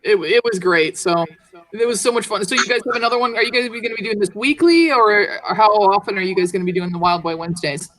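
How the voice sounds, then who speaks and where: A woman hosting a casual livestream from a computer on her lap, chatty and quick to laugh. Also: mid-range voice, expressive, fairly bright tone. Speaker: host.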